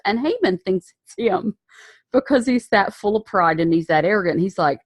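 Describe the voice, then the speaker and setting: A woman's voice: mid-range voice, lively intonation, moderate pace, no echo. Chatty woman teaching the Bible. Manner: chatty retelling with slang and self-corrections.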